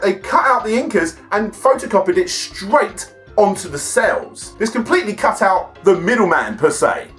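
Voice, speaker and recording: A man's voice: sits high, a bit bright. A man hosting a film and game review, chatty and enthusiastic. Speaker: host.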